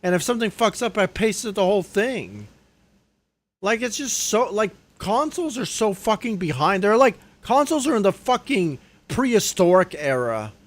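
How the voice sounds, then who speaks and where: A young man rants angrily into his desk mic during a livestream. He swears constantly and keeps ending his sentences on a low, muttered "dude". His voice sits high and jumps wildly between peaks and dips. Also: very animated, normal speed. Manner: angry, profane ranting, trailing off low on "dude". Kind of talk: live stream rant. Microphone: desk microphone.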